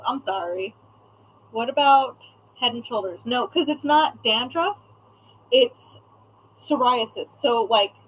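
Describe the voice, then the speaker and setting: Young woman, higher voice, loose live-stream chatter with viewers, casual swearing, faint room hum. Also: a bit bright, poor audio. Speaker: craft shop owner streaming live.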